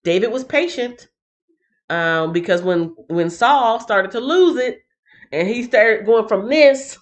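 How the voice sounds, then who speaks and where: A woman's voice: fairly high pitch, animated, takes it slowly, dull audio. A woman hosting a Bible reading stream, chatting casually and animatedly with many fillers.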